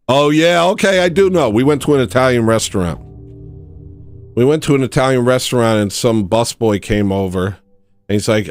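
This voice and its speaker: A man's voice: on the low side, moderate pace, a little mellow, faint music behind. A man hosting a livestream, rambling through a comedic monologue that jumps between tangents and laughs at his own jokes. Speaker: livestream host.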